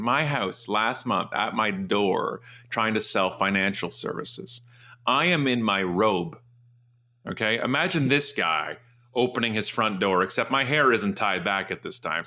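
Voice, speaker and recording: A man speaks as an interview guest, his tone bright and forceful over a fairly low pitch. He tells stories loosely and with humor, and his voice leaps upward whenever he mimics someone else. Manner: animated, jumps high in pitch for mocking quotes; loose, joking storyteller. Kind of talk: casual storytelling interview.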